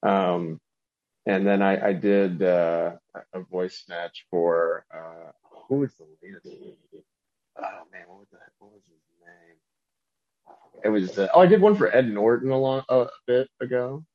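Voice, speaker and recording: A man's voice: low voice, measured pace, dull audio. A man, a voice actor, chatting loosely on a podcast and rambling between thoughts. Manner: rambling, drops into celebrity impressions. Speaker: voice actor guest. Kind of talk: casual podcast chat.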